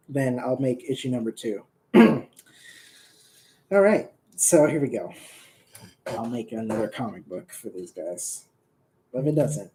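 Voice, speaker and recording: Young male streamer, casual and jokey; slow delivery, soft dark tone. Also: medium pitch. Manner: rambling, joking, laughs often, gets worked up and shouts. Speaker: comic creator streaming. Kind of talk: casual livestream chat.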